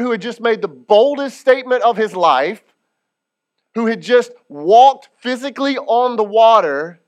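A man preaching a sermon as lead pastor, retelling scripture in casual, animated speech. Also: sits high.

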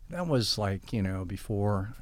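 Older man with a low voice telling stories. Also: animated, unhurried. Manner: rambling anecdotes with quoted dialogue. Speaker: guest. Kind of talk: storytelling interview.

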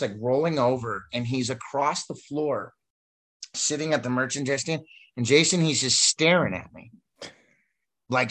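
Male storyteller, mid-pitched, chatty and rambling, loads of fillers. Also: pushed and bright. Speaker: wrestler telling stories. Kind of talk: casual storytelling chat.

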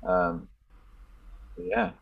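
Gravelly man, set back from the mic. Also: sits low, wildly swooping pitch, drawn-out words, dry recording, distant mic, narrow, tinny audio. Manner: laid-back, profane. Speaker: podcast host. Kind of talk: casual chat.

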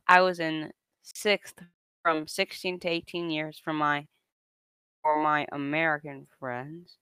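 A man's voice: fairly high pitch, flat delivery, takes it slowly, pushed and bright, clean tone, no echo. A young man casually reading an online story aloud to a co-host, often breaking into laughter as he reads.

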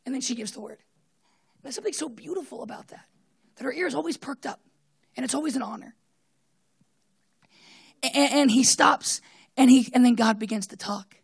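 Husky woman preaching with hushed swings. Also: high voice, brisk, long pauses. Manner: storytelling, swings from loud bursts to hushed tones, acts out voices. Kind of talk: sermon.

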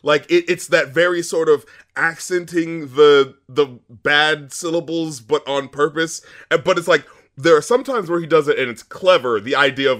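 A man co-hosting a casual music review chat, excitable, swearing often and filling with "like" and "uh". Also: fairly high pitch, normal speed, hardly any pauses. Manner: excitable, swears a lot, many fillers. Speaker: music review podcast co-host.

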